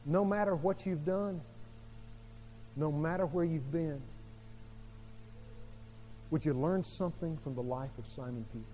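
Pastor, male, high voice, dramatic storyteller, long hall reverb. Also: measured pace, long pauses, slight background noise. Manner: dramatic storytelling with sharp swings in volume. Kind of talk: sermon.

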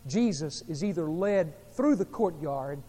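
Pastor, male, high voice, dramatic storyteller, long hall reverb. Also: animated, unhurried. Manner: dramatic storytelling with sharp swings in volume. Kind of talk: sermon.

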